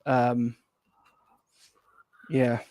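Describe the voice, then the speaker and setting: A man of ordinary pitch co-hosts a casual political chat. He rambles and hesitates, often restarting with fillers. His voice sounds dry and close. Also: level tone, very slow, darkish tone, no echo.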